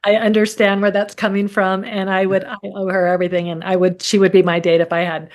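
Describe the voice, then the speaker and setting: A woman co-hosting a casual interview, reacting warmly and encouraging her guest. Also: mid-range voice, little pitch movement. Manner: warm, encouraging, quick to react. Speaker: podcast co-host.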